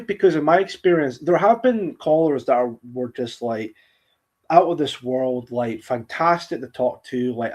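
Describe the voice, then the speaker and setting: A man with a soft central-belt Scottish accent hosting a casual podcast, easygoing and quick to laugh. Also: medium pitch. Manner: soft-spoken, laughs often. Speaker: podcast host.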